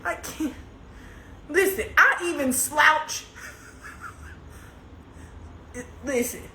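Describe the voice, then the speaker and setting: Speaking slowly in a high, sharp voice, a woman chats on a livestream from an indoor couch, laughing as she dramatically moans about her sore, stiff neck and reads comments aloud. She uses a phone mic, and the room is echoey with faint noise.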